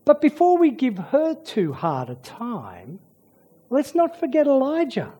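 A male preacher giving a sermon, expressive, with dramatic pauses and frequent restarts. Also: very high voice, breathy edge, muffled recording.

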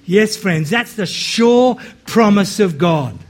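A man preaching a sermon, slow and emphatic, breaking into quick, animated asides. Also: high-pitched.

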